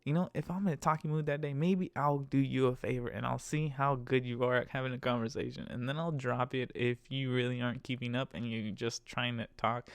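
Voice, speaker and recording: Gravelly man ranting, profane and exasperated. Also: no echo. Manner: profane, exasperated, laughs often; animated, jumps into higher pitch when mocking. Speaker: podcast host and rideshare driver. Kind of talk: casual ranting monologue.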